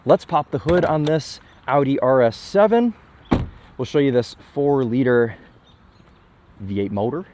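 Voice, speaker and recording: A young man from Michigan walks around a parked car and talks through it in an easy, chatty way. He sounds enthusiastic and throws in self-deprecating asides. His voice sits in a middle pitch. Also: lively intonation, unhurried, darkish tone, a little hiss or hum. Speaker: car reviewer. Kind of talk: casual car walkaround commentary.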